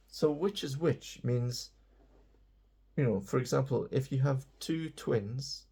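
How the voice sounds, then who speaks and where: A man's voice: medium pitch, vocal fry, a little mellow, husky. A man giving a casual, playful English lesson, chatty and self-mocking. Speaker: English teacher.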